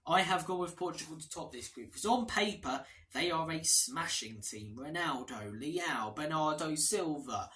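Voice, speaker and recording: A man's voice: on the high side, lively intonation, normal speed, fairly bright tone, rough recording. A man hosting a casual football predictions vlog, chatty, blunt and opinionated. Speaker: football channel host.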